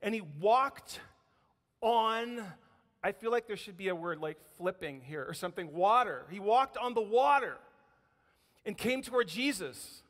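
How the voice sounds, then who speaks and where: A man with a fairly high voice preaches in a church. He tells the story with lively energy and puts on voices for the quotes. A long reverb from the hall trails behind his words. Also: unhurried. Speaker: pastor. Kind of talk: sermon. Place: church sanctuary.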